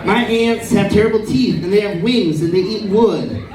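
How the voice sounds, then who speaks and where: Stand-up comic, man in his 30s, high voice, unhurried absurd delivery; distant live-room recording with echo and crowd laughs. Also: noisy background. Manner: absurd deadpan storytelling. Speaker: stand-up comedian. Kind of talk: stand-up comedy set. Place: comedy venue stage. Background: audience laughing.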